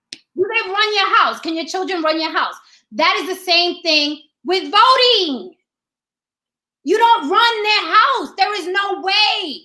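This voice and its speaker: A podcast host with an extremely high, bright, forceful voice leads an opinionated discussion show. She's emphatic and profane, repeating rhetorical questions to hammer her point home.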